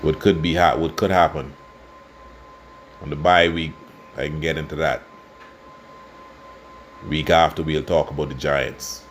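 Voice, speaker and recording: A Bahamian man giving casual football commentary and predictions, passionate and quick to get worked up. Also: very deep voice, fairly even intonation, a little hiss or hum. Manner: passionate, gets worked up and loud. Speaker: sports fan vlogger.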